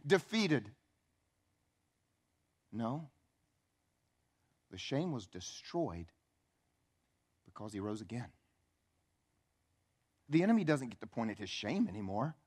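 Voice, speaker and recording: A man preaching a church sermon, swinging between quiet, intimate asides and loud, emphatic peaks. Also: medium pitch, very animated, slow pace, pauses often, slightly rough. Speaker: pastor. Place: church sanctuary.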